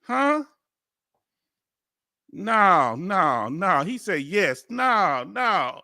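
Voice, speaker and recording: A man's voice: high-pitched, sing-song, extremely slow, bright, forceful tone, no room sound, studio quality. A man with a Southern accent hosting a reaction video, talking in casual slang, incredulous and laughing often. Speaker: video host reacting to a hearing.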